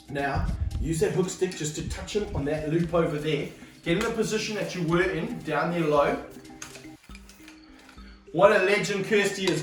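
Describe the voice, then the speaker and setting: An energetic man, handling and filming a snake outdoors for his vlog, exclaiming and coaching a helper. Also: a little high. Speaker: snake handler and wildlife vlogger. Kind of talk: excited hands-on wildlife vlog. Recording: roomy sound, mic held off at a distance, faint music behind.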